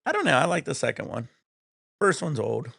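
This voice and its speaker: A man's voice: fairly high pitch, very animated, brisk, gravelly, bright, forceful tone, no echo, clean studio sound. A man hosting a casual live stream chat, teasing his guests and laughing often. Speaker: stream host.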